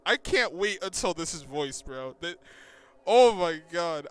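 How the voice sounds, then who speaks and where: A man doing gameplay commentary, reading game dialogue aloud and reacting excitably, swearing and laughing. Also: on the high side, unhurried, clean tone. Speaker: let's-play gamer. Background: faint game music.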